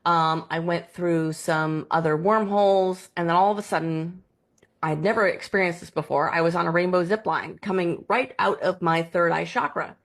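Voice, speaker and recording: A woman telling her own story to the camera in a vlog, her voice sitting slightly low. She talks in an animated, lively way and keeps slipping into the voices of the people in her story. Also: normal speed. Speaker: vlogger.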